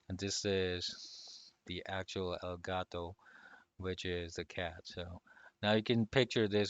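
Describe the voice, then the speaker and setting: A man teaching a relaxed online lesson, speaking loosely with lots of fillers and chuckles. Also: deep voice, clear, resonant tone, no echo, muffled recording. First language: not Spanish. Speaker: language teacher.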